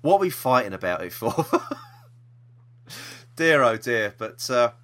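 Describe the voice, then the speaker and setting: A man's voice: mid-range voice, sing-song, measured pace, fairly bright tone. A man co-hosting a podcast, talking in a chatty, jokey, rambling way. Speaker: podcast co-host. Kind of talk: casual chat.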